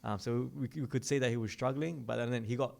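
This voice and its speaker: A man's voice: medium pitch, creaky, a little mellow. An Australian man co-hosting a casual podcast, rambling and repeating himself as he recalls the fights. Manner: rambling, halting, repeats words. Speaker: podcast co-host.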